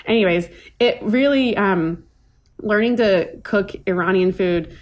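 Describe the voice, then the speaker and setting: A woman's voice: medium pitch, unhurried. A woman guest chef on a podcast in casual chat, telling stories with lots of fillers and restarts. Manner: rambling storyteller, many fillers and restarts.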